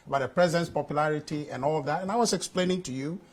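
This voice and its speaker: A man's voice: fairly high pitch, rapid-fire. A man, a government communicator defending himself and interrupting in a heated panel debate. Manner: defensive, interrupting, insists on his words.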